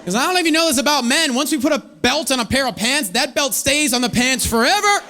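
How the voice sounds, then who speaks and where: A man in his thirties doing a stand-up comedy set on stage, telling stories with animated delivery and acting out other people's voices. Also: extremely high pitch, quick pace, soft background music, some chatter behind. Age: 30s. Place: comedy stage before a live audience.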